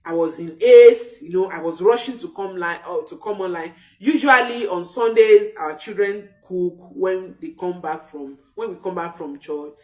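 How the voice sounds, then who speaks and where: A woman's voice: fairly low pitch, normal speed, few pauses, darkish tone, far from the mic. A woman, a parenting coach giving an emphatic talk and repeating her key points.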